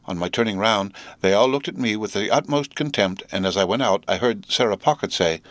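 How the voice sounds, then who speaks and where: A man with a fairly low voice narrates a classic novel in a measured, deliberate reading. The sound is dry and close, with no room echo. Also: a bit bright. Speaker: audiobook narrator.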